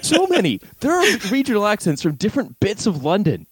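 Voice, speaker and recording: Canadian guy ranting and swearing on a comedy podcast, voice a bit high, dry close sound. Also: wildly swooping pitch, a little fast, husky, dry recording. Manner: profane exasperated ranting. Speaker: podcast co-host. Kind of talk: casual comedic chat.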